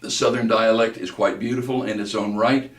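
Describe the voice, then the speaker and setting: Lower-voiced man lecturing in an echoey room. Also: steady tone. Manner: deliberate, demonstrates words slowly and precisely. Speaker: speech instructor. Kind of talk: recorded lecture. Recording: echoey room, mic at a distance.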